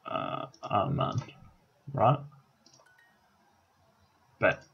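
Tired from an all-nighter, a Scottish man in his twenties rambles through casual vlog commentary on YouTube, swearing and filling pauses with lots of ums. He talks very slowly, and the recording's high frequencies are cut off.

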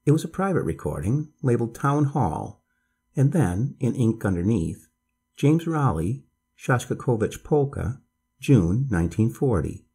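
A man calmly reading a bedtime story aloud as narrator, in a measured storytelling voice. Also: lowish voice, husky.

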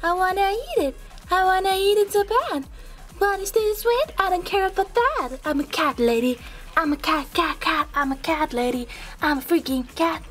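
A woman voicing her grumpy, foul-mouthed house cat who hates the snow, in a squeaky, whiny voice. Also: animated, moderate pace, a bit bright, soft background music. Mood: indignant.

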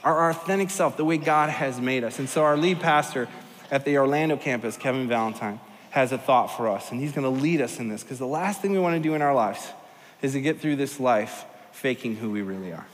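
A man preaching a sermon, telling a story in a joking, animated way. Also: mid-range voice, fairly quick, a little hiss or hum. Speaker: pastor. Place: large church auditorium. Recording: long hall reverb.

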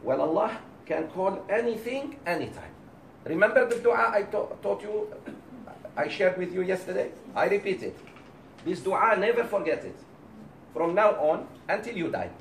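A man lecturing a class of women, his voice rising and falling in an animated way and slipping into the voices of the people he quotes. His pitch sits a little high for a man. He is recorded from across an echoey room, with a faint hiss behind him. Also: moderate pace, gravelly. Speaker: Islamic teacher. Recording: roomy, distant mic, faint background.

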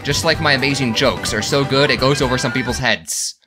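A man hosting a comedic gameplay video, jokey and animated, often yelping and laughing at what happens on screen. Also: medium pitch, fairly quick, over music. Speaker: gaming video host.

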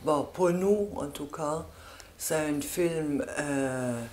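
A man speaking earnestly about a film, pausing often between phrases. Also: on the high side, loud music behind the voice. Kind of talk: spoken reflection on a film. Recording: echoey room.

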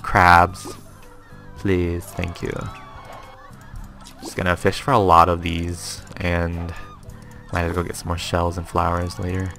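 A man's voice: low voice, completely flat delivery, measured pace, vocal fry, pauses often, a bit bright, faint music behind. A man hosting a casual let's-play, rambling and joking to himself as he plays. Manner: rambling and self-amused, chats to himself. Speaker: gaming channel host.

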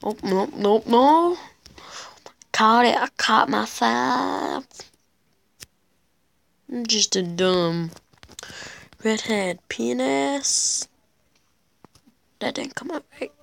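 A woman's voice: on the high side, extremely slow, vocal fry, pauses often, poor audio. A teenage girl chatting casually while playing a video game, rambling and mocking herself as she goes. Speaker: gameplay commentator. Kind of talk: casual gameplay commentary.

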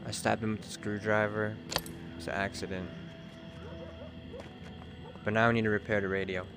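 A young man chatting excitedly to his viewers while streaming a game, swearing freely. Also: lowish voice, normal speed, over music. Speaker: livestreamer. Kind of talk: casual live gameplay chatter.

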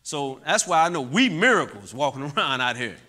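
A middle-aged man giving an impassioned testimony talk to a church audience, moving between loud outbursts and quiet, heavy moments. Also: a little high, very animated, brisk. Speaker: guest speaker. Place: church hall.

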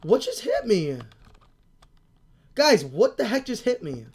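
An excitable young woman talks through her game in a fairly high voice that leaps all over the place. She panics, shrieks and repeats herself constantly, while keyboard typing clicks behind her. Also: slow pace, breathy edge. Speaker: gaming channel host. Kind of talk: casual gameplay commentary.

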